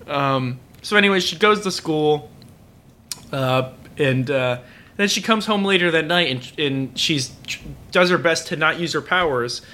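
Drunk man, fairly high voice, bright and forceful tone, rambling casual chat, full of fillers. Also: animated, a little slow. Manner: rambling, many fillers and restarts. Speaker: podcast co-host. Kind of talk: casual chat recapping anime.

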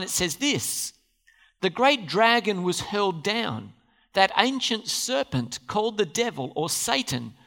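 A man preaching a sermon in a church, with a bright, ringing tone. His pitch swings widely as he throws questions at the congregation and answers them himself. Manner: animated, asks the congregation questions. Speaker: pastor.

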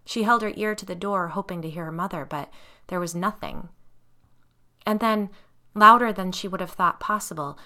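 Bright, low-pitched woman narrating. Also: normal speed. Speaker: audiobook narrator. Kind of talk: scripted audiobook narration.

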